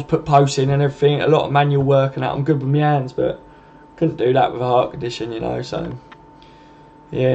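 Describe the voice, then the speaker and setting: Gravelly matey southern English man. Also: medium pitch, a little mellow, muffled recording. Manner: rambling and matey, keeps adding "and that" and "mate". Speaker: live-stream channel host. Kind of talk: casual live-stream chat reading comments.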